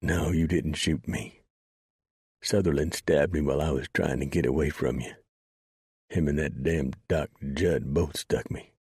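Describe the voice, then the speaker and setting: A man's voice: a bass voice, measured pace, darkish tone, breathy edge, no room sound, studio quality, heavily acted. A man doing a gasping dying man. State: gasping, weak.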